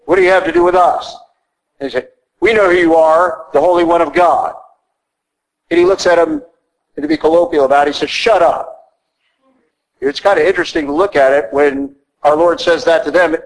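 A man preaching a sermon, emphatic and rhetorical, pushing his voice up high to stress key words. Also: vocal fry, rough recording. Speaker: priest.

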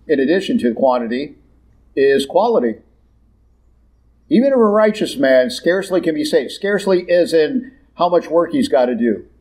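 A man's voice: a little high, dark tone, low-quality recording. A man preaching a sermon in a blunt, conversational way, with slangy asides mixed into his teaching.

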